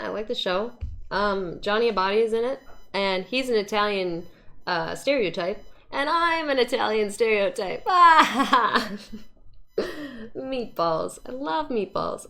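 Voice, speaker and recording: Chatty young woman with a gravelly edge. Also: medium pitch, fairly bright tone. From Canada. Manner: chatty, laughs often, mimics voices in quotes. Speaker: interview guest, cosplayer. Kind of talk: casual interview chat.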